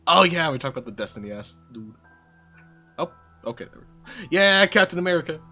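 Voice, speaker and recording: Young man, joking, swears casually, lively pitch, bright tone. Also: a little fast, soft background music. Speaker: player. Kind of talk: tabletop game play over voice chat.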